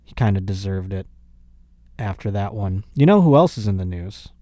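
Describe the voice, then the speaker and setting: A man's voice: fairly low pitch, animated, moderate pace, mellow, no room sound. A man hosting his podcast in a casual comedic monologue, rambling and sarcastic. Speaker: podcast host.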